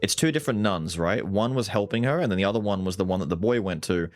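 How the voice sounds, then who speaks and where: A man giving casual, animated let's-play commentary, thinking aloud and swearing casually. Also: on the low side, fast talker, faint music behind. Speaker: gaming YouTuber.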